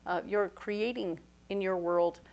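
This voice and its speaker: A woman giving a casual, playful tarot reading, chatty and full of quick asides. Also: mid-range voice, steady tone, a little mellow, dull audio. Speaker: tarot reader.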